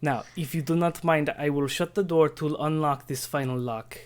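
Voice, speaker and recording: A man's voice: a little high, normal speed, natural voice. Man doing a stiff formal doorman. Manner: formal, no contractions, curt. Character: stiff formal male house servant guarding door.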